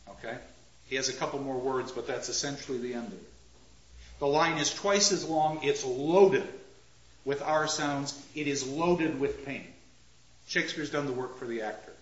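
Emphatic male lecturer in a roomy classroom. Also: mid-range voice. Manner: deliberate and emphatic, slowing down to stress points. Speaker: lecturer on Shakespeare. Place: classroom with a marker board. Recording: roomy, dull lo-fi lecture recording.

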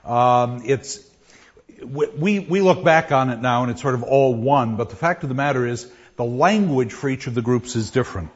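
A man teaching a class, explaining verse and reading lines aloud with pauses. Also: mid-range voice. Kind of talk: classroom lecture. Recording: dull lo-fi classroom recording.

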